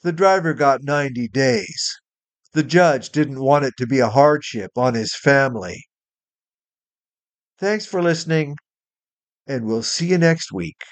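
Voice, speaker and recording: A man's voice: mid-range voice, lively intonation, a little slow, pauses often, no echo. A man reading his short story aloud in a plain, matter-of-fact way for a weekly flash fiction podcast.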